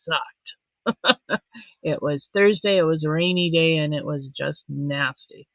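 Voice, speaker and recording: A middle-aged woman from Saskatchewan hosts a casual live stream. She chats softly and emotionally and reads viewer comments aloud. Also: low-pitched, takes it slowly, no echo. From Saskatchewan, Canada. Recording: tinny phone-like dry sound.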